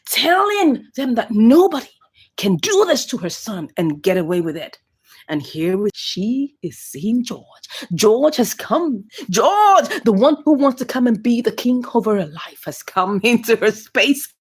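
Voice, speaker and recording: A woman recapping and reviewing a drama series in a casual, animated way, laughing often and sometimes dropping to a whisper. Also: sits high.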